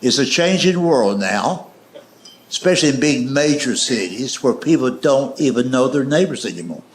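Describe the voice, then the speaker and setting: A man's voice: medium pitch, expressive, moderate pace. A man with a Southern US accent telling folksy, wry stand-up stories. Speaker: stand-up comedian. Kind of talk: stand-up storytelling. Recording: echoey live show with faint noise.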